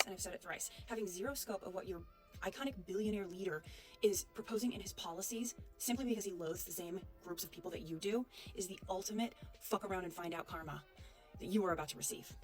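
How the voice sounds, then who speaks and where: A woman's voice: medium pitch, rough recording. A woman veteran giving political commentary in an emphatic, pointed way with sarcastic asides.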